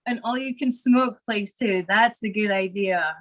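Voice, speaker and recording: A woman's voice: medium pitch, unhurried. Rambling Scottish woman, stoned chat. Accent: Scottish, partly Americanized. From Scotland. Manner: rambling, relaxed, filler-heavy.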